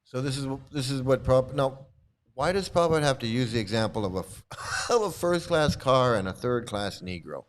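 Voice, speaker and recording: A man's voice: mid-range voice, animated, fairly quick. A man on a live stream reading quotes aloud and commenting on them with scorn, sometimes bursting out in anger and swearing. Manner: angry outbursts with swearing.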